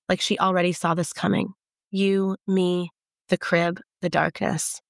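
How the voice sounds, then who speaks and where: A woman giving a measured, intimate first-person audiobook narration. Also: fairly low pitch, little pitch movement, gravelly, no room sound, studio quality.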